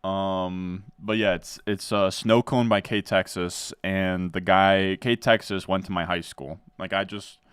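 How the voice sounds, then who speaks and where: Deep-voiced laid-back guy. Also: fairly even intonation, slow pace, hardly any pauses, a bit bright, clean tone, no echo. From New Jersey. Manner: laid-back, says "dude" a lot, answers chat as he goes. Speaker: fantasy football streamer. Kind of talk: casual live-stream chat while drafting.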